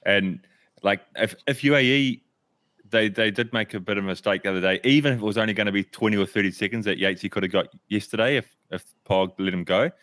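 A man in relaxed, teasing podcast chat about racing. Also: lowish voice, quick pace, dry recording. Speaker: podcast co-host.

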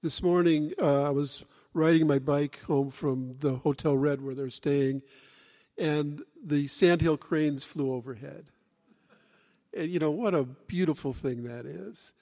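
A man moderating a live panel, speaking in a relaxed, reflective way. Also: fairly high pitch, a little slow. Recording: reverberant hall.

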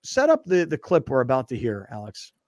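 A man hosting a sports talk show, chatting casually in an animated, mocking way. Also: mid-range voice, a little fast, dry recording. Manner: animated, mocking, shifts into impressions. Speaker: sports radio host.

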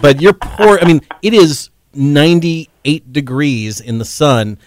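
A man in a casual podcast chat, explaining points in a relaxed way. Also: on the high side, slow pace. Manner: relaxed, explanatory, quotes others.

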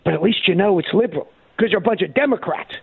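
A man holding forth on talk radio with emphatic, sarcastic conviction. His voice sits high for a man and the sound is dry, close and thin like a phone line. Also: fast, gravelly, husky, no echo. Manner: emphatic, sarcastic, animated quoting. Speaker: radio talk show co-host. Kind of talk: opinionated talk radio monologue.

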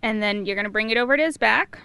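A woman, a waxing professional, calmly walking someone through each step. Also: on the high side, fast talker, creaky, clear, resonant tone. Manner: calm, instructive. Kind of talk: step-by-step instruction.

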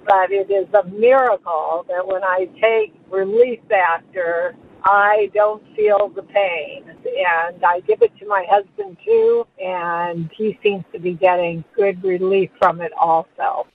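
Slow older woman, thin lo-fi testimonial. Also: medium pitch, sing-song. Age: 70s. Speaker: customer testimonial. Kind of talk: recorded testimonial. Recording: thin phone-like recording.

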